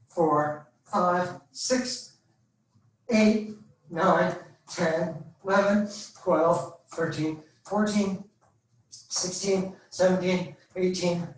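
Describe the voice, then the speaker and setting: A male fitness instructor leading a live online workout class, counting reps aloud and giving step-by-step cues over a video call. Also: sits high. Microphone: video call computer mic. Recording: roomy echo.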